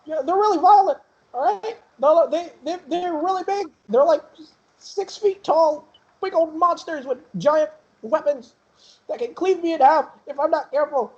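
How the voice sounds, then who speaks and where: A woman's voice: high voice, a little mellow, lo-fi sound, close to an everyday voice. A woman voicing a frightened, grieving young soldier who stammers and halts. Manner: halting, stammering, fearful.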